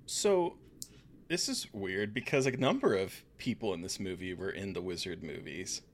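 A woman co-hosting a podcast in casual chat, teasing her co-host with quick interjections. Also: extremely low pitch, lively intonation, a little hiss or hum.

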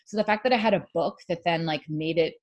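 A woman's voice: fairly low pitch, quick pace. A woman author chatting as a podcast guest, rambling with many "like"s and restarting her sentences. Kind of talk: casual podcast chat.

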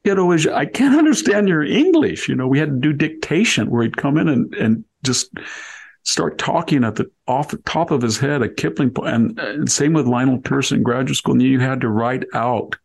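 A man's voice: mid-range voice, moderate pace, vocal fry, slightly rough. An older man telling wry stories of his school days in casual conversation, laughing as he goes. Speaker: podcast host. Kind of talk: conversational storytelling.

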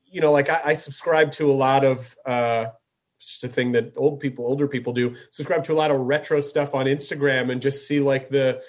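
A man's voice: medium pitch, steady tone, fairly quick, darkish tone. A man hosting a casual chat, enthusiastic and loose, with plenty of fillers and casual swearing. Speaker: podcast host.

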